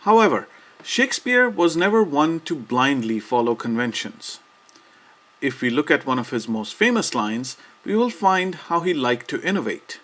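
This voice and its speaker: A man giving scripted educational narration about poetry in a measured, explanatory way. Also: on the high side, very animated, a bit bright.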